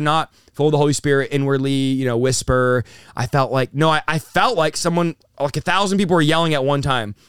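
A man's voice: fairly high pitch, clear, resonant tone, no echo, clean studio sound. A young adult man, a pastor, giving an emotional testimony in an interview, intense and vivid as he acts out what was said. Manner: intense, storytelling with acted-out quotes. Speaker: pastor and guest.

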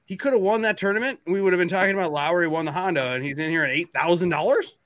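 A man's voice: high voice, quick pace, a bit bright. A man hosting a podcast, talking in a playful, rambling, teasing way. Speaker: podcast host. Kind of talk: casual banter.

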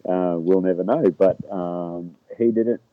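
A man appearing as a podcast guest, talking casually and haltingly, often repeating words. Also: low-pitched, no echo. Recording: dry, tinny phone-like line.

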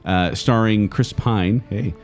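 A man co-hosting a casual movie review chat, animated and chatty, often laughing. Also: lowish voice, slow pace, faint music behind. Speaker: co-host.

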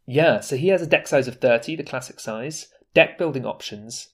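A man with an average-pitched voice talks through a card game in a relaxed podcast chat. He is enthusiastic and chatty, tossing in quick asides as he goes. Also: slightly rough. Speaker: podcast co-host. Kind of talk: casual board game discussion.

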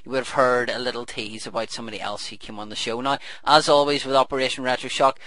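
A man's voice: mid-range voice, fairly even intonation, fast talker, pushed and bright, no room sound. A man hosting an interview show, eager and a bit stammering, with plenty of fillers. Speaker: podcast host.

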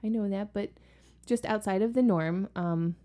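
A woman's voice: medium pitch, moderate pace, dark tone. A woman co-hosting a podcast and telling family stories in a casual, chatty way, with lots of likes and ums. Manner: chatty, filler-heavy, many likes and ums. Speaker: podcast co-host and parent. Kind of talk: casual conversational storytelling.

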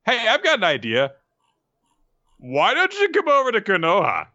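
A man's voice: medium pitch, big pitch swings, normal speed, bright, forceful tone, no room sound. Laid-back ninja strategist , as a man reads him. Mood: eager. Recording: dull lo-fi dry sound.

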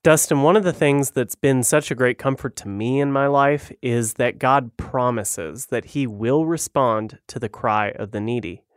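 A male interviewer asks his question calmly and thoughtfully. His voice sits at a middle pitch. The recording is dry and close. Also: normal speed, few pauses, clear, resonant tone, no room sound. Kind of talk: interview conversation.

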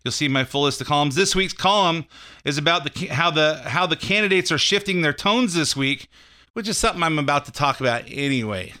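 A man's voice: fairly high pitch, animated, a little fast, sharp tone. A man hosting a call-in radio show, talking off the cuff about politics in a rambling way, full of fillers and restarts. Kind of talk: casual political commentary.

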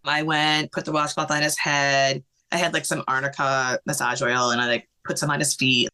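A woman guest on a podcast telling a personal story in conversation, in an emotional, fast-flowing way with many fillers. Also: sits low, level tone, sharp tone, clean tone.

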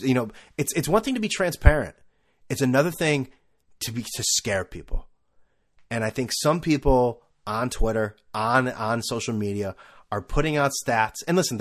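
A young man talks alone on his podcast in a loose, rambling way. His pitch swings widely as he jumps between topics, and he keeps undercutting himself with sarcastic jokes. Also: fairly bright tone. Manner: rambling, self-mocking, sarcastic asides. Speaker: podcast host. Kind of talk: casual solo podcast monologue.

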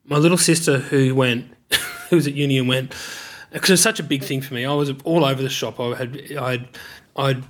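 A man's voice: medium pitch, fairly even intonation, fairly quick. A middle-aged man with an Australian accent, candidly telling his life story in an interview, reflective and searching for words.

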